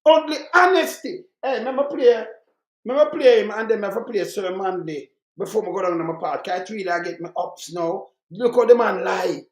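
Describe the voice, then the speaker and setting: Speaking a little fast at medium pitch, this Jamaican-accented political commentator launches into a fiery rant. He repeats his points over and over in patois, and the room echoes noticeably.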